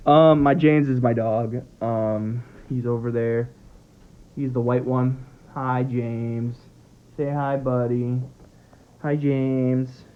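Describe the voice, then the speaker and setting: A man giving casual, animated football commentary from home, rambling and tripping over his words. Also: medium pitch, takes it slowly, clear, resonant tone. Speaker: sports vlogger. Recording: tinny phone-like sound.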